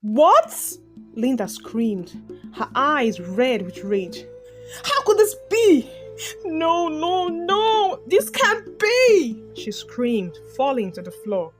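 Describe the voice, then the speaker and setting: A woman voicing an obsessive, scheming woman who turns shrill and hysterical in a narrated storybook tale. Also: slow, lightly acted. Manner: shrill, screaming, sobbing. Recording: background music.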